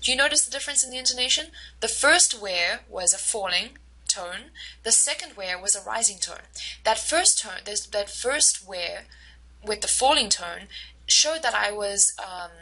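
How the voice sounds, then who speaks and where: A woman with a bright, slightly husky voice teaches a recorded lecture. She explains step by step, pauses on fillers, and acts out short example exchanges to make each point. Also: fairly high pitch, lively intonation, rough recording. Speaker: instructor.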